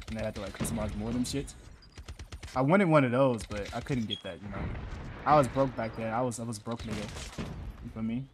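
A young man streams a shooter game and chats loosely with his viewers in heavy slang. His voice sits at an ordinary pitch, sliding between low mumbles and loud yells. A faint hiss and game gunfire run underneath. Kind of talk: casual gaming livestream chat.

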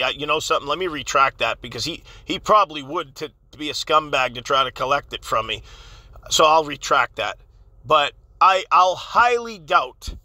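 A man hosts his channel with a heated, insistent rant. His voice is fairly high and very bright, and he stammers and repeats words as he presses each point. The sound is dry and close. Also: dry recording. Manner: angry and insistent, repeats himself, laughs often. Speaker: channel host.

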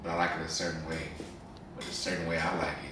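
A deep-voiced young man talks in slangy, stammering bursts as a casual host. He sits far from the mic in a very echoey room with clear noise behind him. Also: flat delivery, fast. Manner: slangy, stammers on repeated words. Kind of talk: casual, explicit chat.

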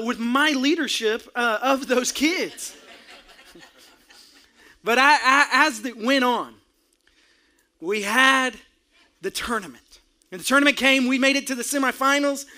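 A middle-aged male pastor preaching with an animated storytelling sermon, acting out his own outbursts with shouts and laughter. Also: very high voice.

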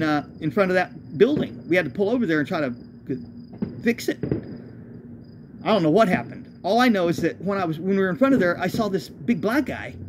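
A man's voice: sits high, noisy background. A man, a homeless traveler, telling his own road story in a loose, profane, self-correcting way. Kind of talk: rambling spoken storytelling.

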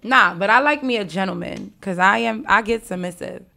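A woman's voice: mid-range voice, normal speed, gravelly, pushed and bright. A woman chatting as a laid-back podcast guest, laughing easily. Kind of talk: casual podcast chat.

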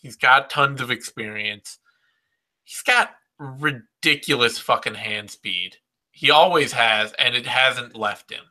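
A man in casual podcast talk, analyzing fights in an animated way with some swearing. His voice is very bright and sharp, and his pitch sits in a middle range. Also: slow. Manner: animated, swearing, talks with quoted reactions.

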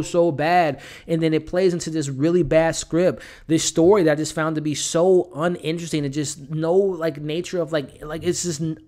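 A man in a somewhat high register talks his way through a movie review like a casual chat. He leans on fillers and repeats himself, and he is frank when something does not work for him. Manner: conversational, many fillers and repeated words; frank, blunt criticism. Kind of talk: casual spoken film review.

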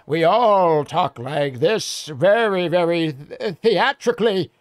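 Old wrinkled villager, wry and theatrical, drawn-out talk, lively swoops, dry close sound, a man doing the voice. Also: high-pitched, dry recording, pitched above the performer's own voice. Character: weathered old male hill dweller, wry and talkative. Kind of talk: reading a game aloud with character voices.

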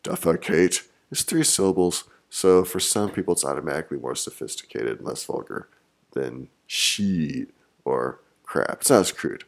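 A man's voice: low-pitched, very animated, fairly quick, vocal fry, few pauses. A middle-aged man and channel host talking in a casual, wry monologue with frequent restarts.

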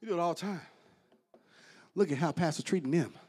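A man preaching a sermon as pastor, swinging between loud high bursts and quiet, low asides. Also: a little fast, slightly rough.

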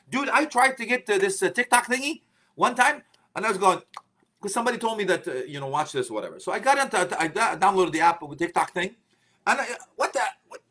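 A man's voice: high voice, a bit bright. A middle-aged man giving an informal religious talk as a preacher, chatty and joking, laughing often and sprinkling in Arabic phrases. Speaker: Islamic preacher.

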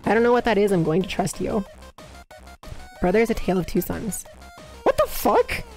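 A woman streamer chatting live while guessing games, excitable and swearing a lot, bursting into high yells. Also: brisk, faint music behind.

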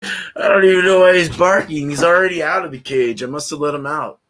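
A man's voice: a little high, fairly quick, fairly bright tone. A man hosting a live beer review from his home, chatting casually in a rambling, laid-back way and laughing often as he greets viewers by name. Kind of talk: casual live-stream chat. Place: at home, indoors.

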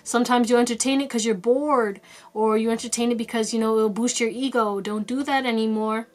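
Speaking briskly in a higher, fairly even voice, a woman gives her viewers a relaxed pick-a-card tarot reading. She encourages them directly with repeated short instructions, tossing in casual swearing and laughing at her own remarks.

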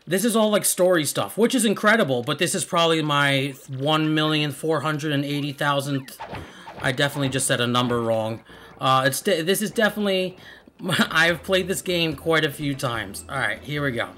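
A man's voice: on the high side, animated, moderate pace, pushed and bright, slight background noise. A man giving casual, rambling let's-play commentary as host, chuckling and trailing off mid-thought. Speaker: gameplay video host. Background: game music.

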